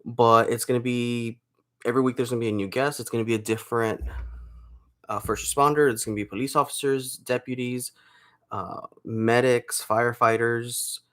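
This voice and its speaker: This young male vlogger is under the weather with a sore throat, rambling to camera at home and restarting his sentences. He speaks at a moderate pace in a steady, mid-range voice with a slightly bright tone.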